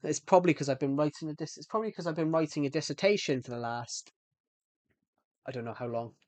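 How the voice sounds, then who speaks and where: A man's voice: a little high, quick pace, darkish tone, no room sound. Chatty young British man streaming. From United Kingdom. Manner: rambling, self-correcting, chatty. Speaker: game streamer. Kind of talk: casual live-stream chat.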